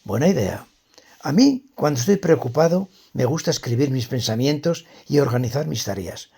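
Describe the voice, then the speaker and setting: A man reading a calm friendly man, gravelly. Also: medium pitch, a little fast, full character voice. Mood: supportive. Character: friendly adult man chatting calmly. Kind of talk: scripted dialogue reading.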